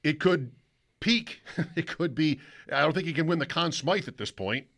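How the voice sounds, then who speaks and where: A man's voice: fairly high pitch, moderate pace, a bit bright. A man hosting a sports radio show, talking casually in a rambling, self-interrupting way from the studio.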